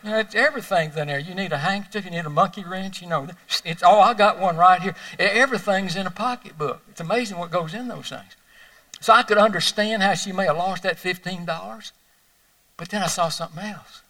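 An older man preaching a sermon, telling folksy personal stories that swing between loud emphasis and hushed moments. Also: sits high, brisk, recorded from a distance, low-quality recording. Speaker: pastor.

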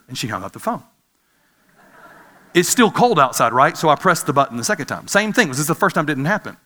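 Male preacher, 40s, chatty sermon style, bright edge, echo of a big hall. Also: fairly high pitch, sing-song, brisk, pauses often. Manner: conversational, asks the audience questions. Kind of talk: sermon with personal story. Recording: reverberant hall.

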